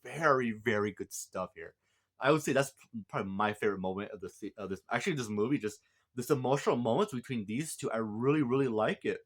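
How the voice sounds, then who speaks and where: A man's voice: medium pitch, fast. A man casually reviewing a movie, rambling with lots of fillers and restarts. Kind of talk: casual film review vlog.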